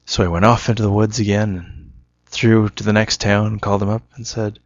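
A man with a lowish, steady voice tells a casual, meandering story a little fast, then muses aloud and stops to correct his own words. The recording is dry and a bit dull, like a home setup with no room sound.

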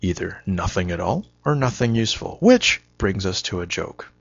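Creaky, husky man rambling wryly. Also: low-pitched, sing-song, normal speed, no echo. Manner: wry, self-mocking and punchy. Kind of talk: rambling solo monologue. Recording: dull lo-fi recording.

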